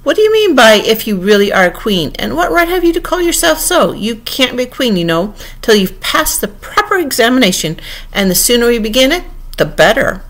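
A woman voicing a stern, bossy queen in a storybook reading, sharp and impatient. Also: a little high, very animated, brisk, pitched above the performer's own voice, heavily acted. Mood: sharp, scolding.

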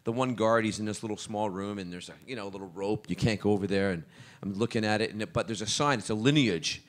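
A man from Scotland, a guest actor on a convention panel, telling stories in a lively, laughing way and often restarting his sentences. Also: lowish voice, fast talker. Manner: lively, laughing storyteller who stumbles and restarts. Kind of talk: casual panel storytelling.

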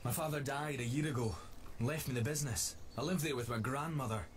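A man's voice: medium pitch, fast, lightly acted. An actor playing a young male innkeeper who dreams of being a writer, speaking in an earnest, wistful way. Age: young adult. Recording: steady background noise.

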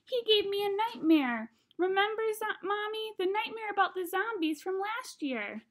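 A woman's voice: very high-pitched, normal speed, pitched above the performer's own voice. Woman doing a whiny little boy voice. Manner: whining, excitable.

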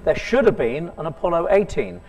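A man's voice: on the high side, big pitch swings, brisk, a little mellow, rough recording. A man giving a keynote lecture at a conference, telling stories, quizzing the audience and slipping in dry jokes. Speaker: keynote speaker. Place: conference hall.

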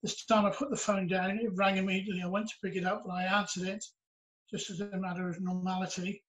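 A man's voice: sits high, level tone, fast talker, fairly bright tone, low-quality recording. A man recounting a personal story in an earnest, reflective way during a church interview. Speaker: interviewee sharing his testimony.

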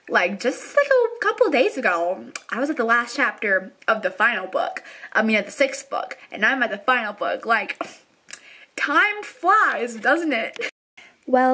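Book vlogger, young woman, bright and excitable, high-ish voice, casual chat. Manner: chatty, excitable, filler-heavy. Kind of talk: casual reading vlog.

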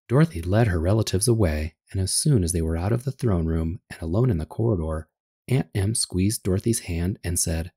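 A man narrating a story for English learners with a steady, clear reading. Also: sits low, a little fast.

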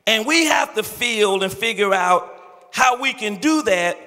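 An older male pastor preaching an impassioned, pleading sermon with rhythmic repeated phrases and shouted peaks, recorded in a large church sanctuary. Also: sits high, lively intonation, measured pace. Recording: echoey church hall with long reverb.

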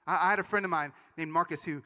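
High, bright-voiced animated male preacher. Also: long reverb tail. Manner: animated storytelling with quick asides. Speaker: conference speaker. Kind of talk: energetic sermon talk. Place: large conference hall.

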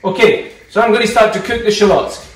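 His high-pitched, steady voice runs a little fast as the Scottish chef breezily demonstrates home cooking and trades jokes with his kids. Pans clatter in the echoey home kitchen, picked up by a distant mic.

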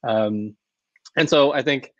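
A man's voice: medium pitch, slow pace, no room sound, highs cut off. A man moderating a conference panel, speaking in a conversational way and often repeating words. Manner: conversational, repeats words, says right a lot.

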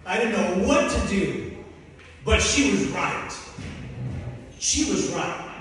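A man preaches to a congregation, telling his own story with animated energy and slipping into the voices of the people in it. His voice sits high, and it is carried by a long, echoing hall reverb from far off the mic. A faint room hum sits underneath. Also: slow pace. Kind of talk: sermon testimony.

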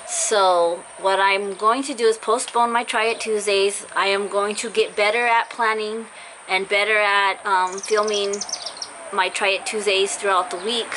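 A young woman vlogs from a car, talking casually and earnestly to her viewers in a mid-range voice. She apologizes and rambles with fillers, her voice cutting in and out after being sick. The background is noisy.

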